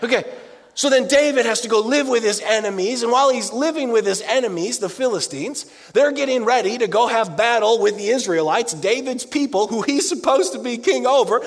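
A man preaching a sermon, swinging between loud outbursts and hushed, low delivery. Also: fairly quick. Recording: long hall reverb.

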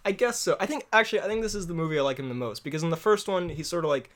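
A man's voice: on the high side, expressive, rapid-fire, fairly bright tone. A young man hosting a podcast in casual chat, rambling, laughing often and poking fun at himself. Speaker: podcast host.

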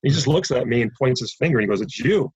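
A man's voice: mid-range voice, expressive, quick pace, darkish tone, breathy edge, lo-fi sound. A man from Canada, a ministry founder, telling a story as an interview guest and acting out the quoted dialogue.

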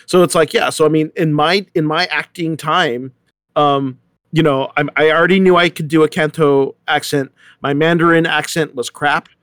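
A man with a slightly high voice chats loosely on a panel, dropping in fillers and small laughs. The sound is dry, with no room around it. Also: steady tone, moderate pace, a bit bright, dry recording. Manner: chatty, laughing, filler-heavy. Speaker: actor, acting teacher. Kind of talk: panel discussion.

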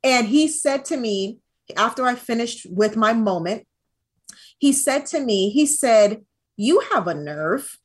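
A woman guest on an interview podcast, telling stories in an animated, expressive way. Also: a little high, measured pace, slightly rough. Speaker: interview guest, brand strategist. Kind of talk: casual interview.

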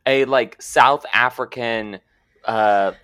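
A co-host in a casual pop culture chat, laying out stories step by step in a measured way. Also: medium pitch, fairly bright tone. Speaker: podcast co-host.

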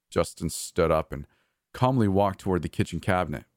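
A man with a very deep voice narrates a first-person horror story. His delivery is measured yet expressive in pitch, and the recording is dry and close. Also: dry recording.

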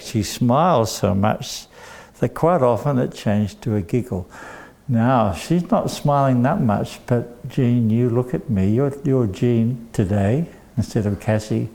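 A man telling a story to children in a gentle, expressive way, talking straight to the kids. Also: mid-range voice, vocal fry.

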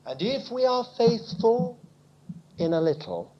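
Guy preaching a sermon, big swings in pitch, goes quiet then loud, muffled old tape sound. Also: unhurried. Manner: animated preaching, dropping to near-whispers and rising to exclamations. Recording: muffled lo-fi recording.

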